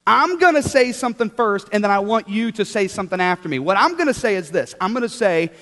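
Lively high-voiced man leading children. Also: fast talker. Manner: upbeat, animated, coaxing kids to join in. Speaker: children's church leader. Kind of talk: children's sermon. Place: large church hall with children. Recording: hall reverb.

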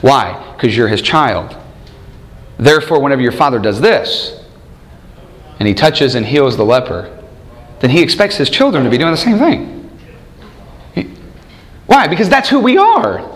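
A man's voice: mid-range voice, big pitch swings, normal speed, pauses often. A man in his thirties leading a church study group, teaching with many rhetorical questions and frequent chuckles. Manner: chuckles often while telling stories.

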